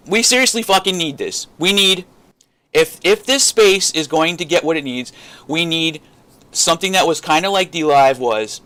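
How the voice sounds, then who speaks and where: A frustrated man vents in an unscripted vlog rant, his voice pitched somewhat high. He swears constantly and rambles, restarting sentences as he goes. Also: a bit bright. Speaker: crypto vlogger.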